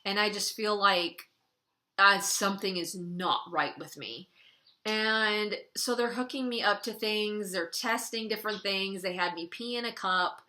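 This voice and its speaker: A woman's voice: medium pitch, measured pace, bright, forceful tone. A young adult woman vlogger telling a personal story in a casual, chatty way, filling her sentences with "like". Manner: chatty, frequent "like", wry laughs between lines. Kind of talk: casual story-time monologue.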